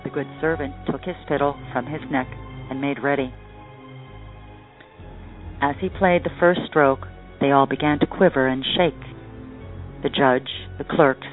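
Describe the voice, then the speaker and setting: Man reading a story over a tinny line. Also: on the high side. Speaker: podcast host and storyteller. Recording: tinny phone-like line, faint music.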